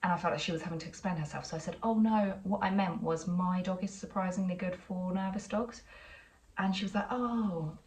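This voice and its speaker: A woman's voice: on the low side, steady tone, fairly quick, a little mellow, recorded from a distance, low-quality recording. A woman with an English accent chatting casually in a vlog, telling a rambling story with lots of asides. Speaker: vlogger.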